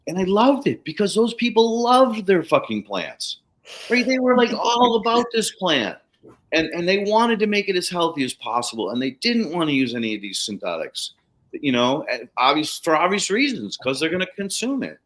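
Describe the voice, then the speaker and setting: A man's voice: high-pitched, sing-song, normal speed, a bit bright. A man co-hosting a casual livestream conversation, talking candidly and ramblingly with casual swearing. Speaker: podcast co-host.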